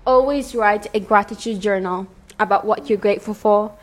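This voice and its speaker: A woman's voice: medium pitch, normal speed. A young woman hosting her own podcast, chatting in an earnest, rambling way with many fillers and restarts, her British accent put on over an American-style base. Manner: earnest, soft-spoken, with frequent light laughs. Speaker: podcast host. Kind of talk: casual solo podcast talk.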